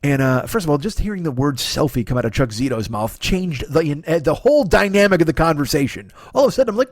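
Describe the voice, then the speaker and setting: A man's voice: on the high side, animated, fast talker, few pauses, no echo, clean studio sound. A man, hosting a solo comedy podcast, rambling in a profane, self-deprecating way. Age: 40s. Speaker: podcast host.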